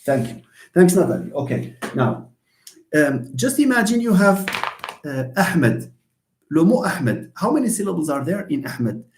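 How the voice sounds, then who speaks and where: Animated Moroccan lecturer, lively voice. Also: male voice, fairly high pitch, unhurried, roomy sound, slight background noise. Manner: animated, switching between English, French and Arabic; pedagogical, asks and answers his own questions. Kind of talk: online class lecture.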